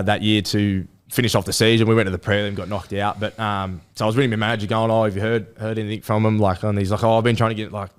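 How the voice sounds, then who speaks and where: Young Aussie bloke, quick rambling talker, low smooth voice, casual interview guest. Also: male voice. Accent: Australian. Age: 20s. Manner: rambling storytelling with many restarts and fillers. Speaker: rugby league player guest.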